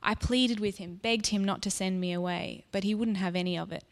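A woman narrates in the first person, speaking softly and reflectively in a mid-range voice. Her words trail into a long reverb, as if recorded in a large hall. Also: mid-range voice, steady tone, brisk. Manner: soft, reflective, intimate. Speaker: storyteller. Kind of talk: first-person scripted storytelling.

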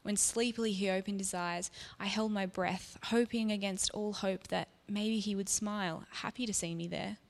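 A woman telling a story in the first person, soft and reflective, as if confiding in the listener. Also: mid-range voice, steady tone, moderate pace, hardly any pauses. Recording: long reverb.

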